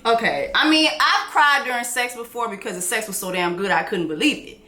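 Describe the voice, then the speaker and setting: A woman's voice: a little high, a little fast, sharp tone, echoey room, slight background noise. A woman hosting a casual commentary chat, blunt and joking, using slang. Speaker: host.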